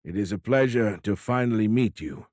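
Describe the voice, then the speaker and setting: Calm alien admiral from a man in an audiobook; low, stiff, deliberate. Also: dry recording, studio quality. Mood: courteous. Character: formal, courteous alien male admiral.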